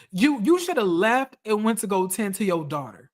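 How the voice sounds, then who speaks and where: A woman's voice: medium pitch, very animated, normal speed, darkish tone. A woman giving casual, profane reality TV commentary, blunt and repeating phrases for emphasis.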